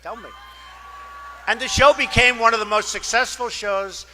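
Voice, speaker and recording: A man's voice: extremely high pitch, fairly even intonation, moderate pace, sharp tone, some chatter behind. A male political candidate giving a campaign speech at a fundraising dinner, boastful and repetitive, wandering into asides and acting out quoted exchanges. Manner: conversational, acts out quoted exchanges.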